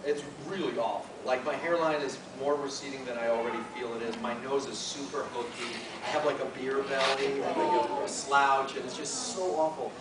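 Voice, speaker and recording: A man telling a self-mocking story in a lively, joking way to a convention audience, recorded from afar in an echoey hall. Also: medium pitch. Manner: lively, joking, self-mocking, with quick restarts and acted-out voices. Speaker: guest artist at a fan Q&A. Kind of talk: animated storytelling at a convention panel. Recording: echoey convention hall from far off, loud noise.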